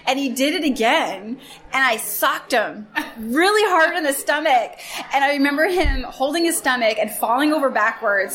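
A woman sharing lively childhood stories about her cousin in a casual interview, laughing as she goes. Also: high voice, a little fast. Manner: animated, laughing storyteller. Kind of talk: casual storytelling. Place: Tacoma, Washington area.

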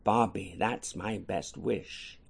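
A man's voice: low-pitched, slow pace, creaky, husky, pitched below the performer's own voice, exaggerated voice. A man reading a poem, voicing an eager little girl pleading with Santa for a doll.

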